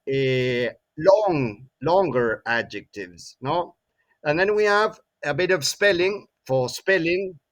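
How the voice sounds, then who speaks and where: Slow male English teacher. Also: fairly high pitch, fairly bright tone. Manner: frequent tag questions "no?" and "eh?", repeats words. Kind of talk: classroom grammar lesson.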